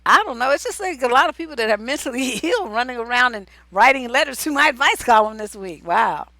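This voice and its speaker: A woman's voice: fairly high pitch, expressive, fast talker, sharp tone, dry recording. A woman hosting a relationship advice livestream, reading viewer letters aloud and cutting in with blunt, casual, profane remarks.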